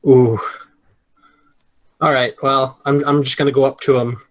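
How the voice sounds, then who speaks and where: A man's voice: mid-range voice, little pitch movement, unhurried. A man playing a tabletop game in a laid-back, hesitant way. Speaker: player. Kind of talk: casual tabletop play.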